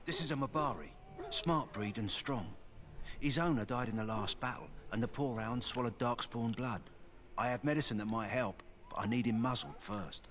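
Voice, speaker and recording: A steady, practical voice, as a man plays a kennel master in a fantasy game who cares about his hounds. He explains things plainly and without hurry. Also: mid-range voice, moderate pace, close to an everyday voice. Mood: concerned. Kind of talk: video game voice acting.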